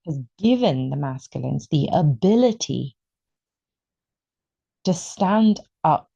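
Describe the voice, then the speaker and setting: A woman giving an excitable, emotional tarot reading, stretching out her words for emphasis. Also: low-pitched, slow, creaky, husky, highs cut off. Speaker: tarot reader.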